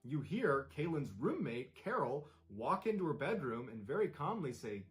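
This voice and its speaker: A man's voice: a little high, big pitch swings, moderate pace, few pauses. Man retelling a true crime case. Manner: conversational, dramatic retelling. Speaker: narrator. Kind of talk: true crime storytelling narration.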